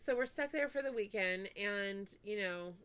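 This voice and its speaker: A woman's voice: mid-range voice, animated, normal speed, a bit bright, slight background noise. A woman co-hosting a podcast, telling a story in a casual, chatty way, with many "like"s and "anyway"s. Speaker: podcast co-host.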